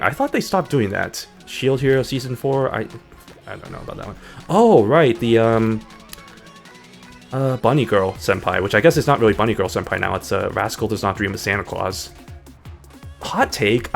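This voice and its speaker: A man's voice: fairly low pitch, gravelly. A man streaming a game, chatting in a hyper, rambling way that jumps between topics. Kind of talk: casual gaming stream chat.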